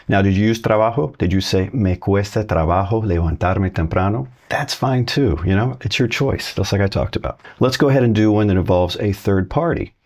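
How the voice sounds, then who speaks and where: Deep-voiced man teaching Spanish. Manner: relaxed, encouraging, slows down for example sentences. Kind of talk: casual video lesson.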